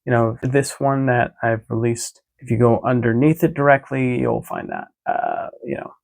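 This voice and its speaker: Gravelly man rambling through his day. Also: mid-range voice, very animated, moderate pace, a little mellow. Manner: rambling, full of "like" and "uh" fillers and restarts; easygoing, chatty. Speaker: vlogger. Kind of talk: casual recap of his day.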